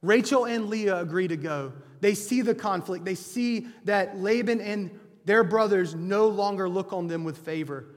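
Guy preaching, pretty high voice, chatty storytelling w/ lots of restarts. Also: normal speed, long reverb tail. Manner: conversational storytelling with frequent restarts. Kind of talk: sermon retelling a scripture story.

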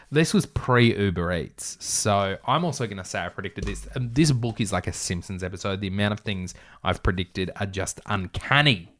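A young Australian man with a lowish, fairly bright voice reads aloud from a novel he wrote as a child. He keeps breaking off for wry, self-mocking remarks, turning it into a comic reading with commentary.

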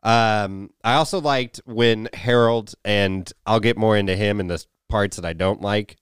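A laid-back man co-hosting a podcast, laughing easily and swearing freely while wired on coffee. His voice is lowish and smooth, recorded dry and close to the mic. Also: a little slow, no room sound. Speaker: podcast co-host. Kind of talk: casual chat.

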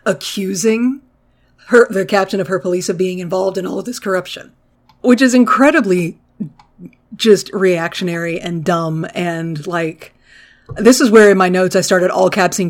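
Brief: animated, profane co-host, mid-pitched, exasperated recap chatter. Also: moderate pace. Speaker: podcast co-host. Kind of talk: casual recap chat.

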